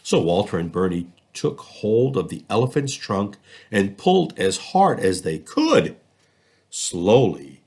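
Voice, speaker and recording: A man reading a children's picture book aloud, with a low, gravelly, slightly husky voice. He swings his pitch widely and takes an unhurried pace, bringing every sentence to life. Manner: expressive, lively storytelling. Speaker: school district reader. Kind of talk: children's storybook read-aloud.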